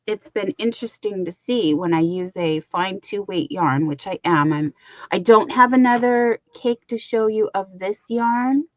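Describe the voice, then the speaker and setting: A woman's voice: medium pitch, no room sound, low-quality recording. A woman co-hosting a crochet livestream, talking in a chatty, rambling way with lots of fillers. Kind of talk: casual livestream chat.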